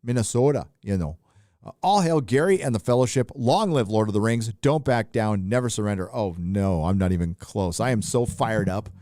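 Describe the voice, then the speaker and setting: A man's voice: on the low side, animated, moderate pace, warm tone, no room sound, clean studio sound. A middle-aged man from California hosting a live stream, rambling and swearing casually while holding his mic. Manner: loose, rambling and profane, with frequent filler. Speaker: live stream host reading super chats. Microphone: handheld mic.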